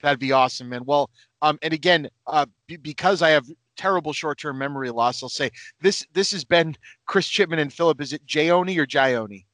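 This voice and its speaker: A man's voice: on the high side, a little fast, a bit bright, no echo. A man hosting a podcast, from north of Boston, chatting casually and enthusiastically, with a rambling, self-deprecating manner. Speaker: podcast host.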